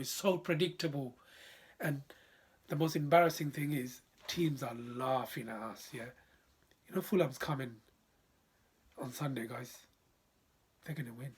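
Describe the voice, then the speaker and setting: Husky guy, kinda high voice, fed up with his team, chatty slang. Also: normal speed, long pauses. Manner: passionate, frustrated, slangy. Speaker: fan reviewer. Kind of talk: frustrated football fan review.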